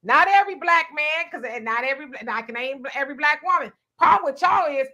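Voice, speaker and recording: Woman host, high bright voice, blunt and pushy in debate. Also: lively intonation, fast talker. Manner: blunt, challenging, talks over others. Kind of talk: casual group chat.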